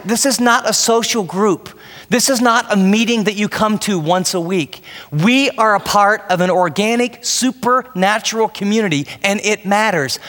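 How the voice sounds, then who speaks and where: A man's voice: high-pitched, a bit bright, big-room sound. A man preaching a sermon with emphatic delivery, often asking his listeners questions. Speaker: pastor.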